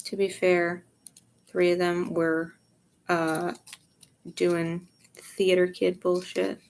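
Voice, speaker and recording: A young adult woman talks frankly to the camera in a rambling personal vlog, her voice lowish, flat and slow with a darkish tone. She sounds tired, swears freely and often drops to a near whisper.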